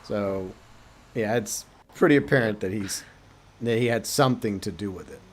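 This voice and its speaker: A man hosting a game stream, chatting and speculating about the story in a thoughtful, halting way. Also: lowish voice. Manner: thoughtful, speculating, many restarts. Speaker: streamer host. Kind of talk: casual gaming chat.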